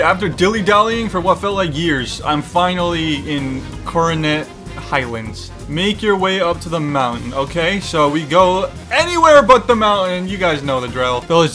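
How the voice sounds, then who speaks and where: A young man giving excitable, profane let's-play commentary, talking to the game and its creatures as he plays. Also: a little high, moderate pace, soft background music. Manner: excitable, swearing, talks to the game. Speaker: gaming YouTuber.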